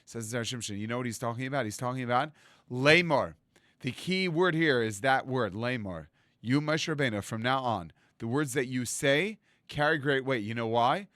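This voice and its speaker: Man, rabbi sermon, animated storytelling, dry close sound, mid-pitched voice. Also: moderate pace, no room sound. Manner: animated storytelling, acts out quotes. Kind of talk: Torah sermon.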